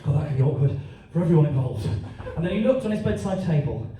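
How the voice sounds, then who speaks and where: A man performing a stand-up comedy set, telling a story in an animated way and checking in with the audience. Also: on the high side, fast talker. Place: comedy club stage. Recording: echoey club, from far off. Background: audience laughter.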